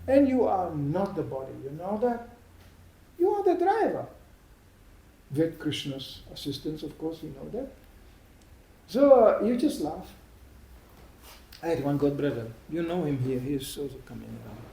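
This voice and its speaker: A man with a fairly high voice gives a loose, storytelling spiritual talk, laughing now and then at his own anecdotes. His voice rings with a noticeable roomy echo. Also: animated, moderate pace, gravelly, dark tone. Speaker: devotional speaker. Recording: echoey room.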